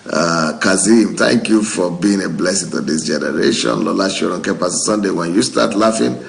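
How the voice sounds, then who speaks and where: A low, gravelly male voice, a pastor chatting loosely as he works through viewer comments. He laughs easily and often between the names he reads. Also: moderate pace, poor audio. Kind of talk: reading out viewer comments and responding.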